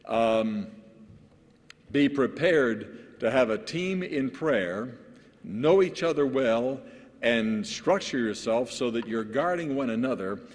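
A man who is a pastor, preaching a sermon to other pastors in a lively storytelling way, with frequent restarts. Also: mid-range voice. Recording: long hall reverb.

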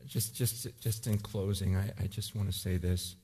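A man in his forties preaching a sermon, telling a story with animated swings between loud urgency and quiet intensity. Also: low-pitched, moderate pace, a little hiss or hum. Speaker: pastor.

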